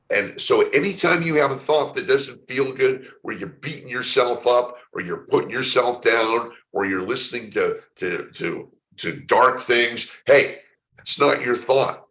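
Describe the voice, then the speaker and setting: A man from San Francisco speaks as a guest in a conversational interview. He tells his story earnestly at a middle pitch, often stumbling and repeating a word before going on. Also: fairly bright tone. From San Francisco, United States. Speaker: spiritual coach being interviewed.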